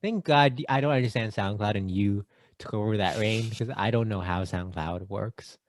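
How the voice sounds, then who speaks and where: A man co-hosting a casual movie podcast, joking and rattling off shout-outs. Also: lowish voice, normal speed, slight background noise. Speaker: podcast co-host. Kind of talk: casual chat.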